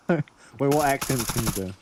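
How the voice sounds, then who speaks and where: A man's voice: medium pitch, a little slow. Playful laughing man, noisy line. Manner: laughs a lot, eager, playful. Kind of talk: casual gaming chat. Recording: clear background noise.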